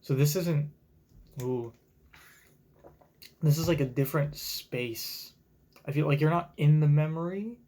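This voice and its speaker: A man with a slightly high, warm, mellow voice gives live reaction commentary on a manga chapter. He is excitable and casual, and he swears freely. He talks from a home streaming setup. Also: a little slow, long pauses.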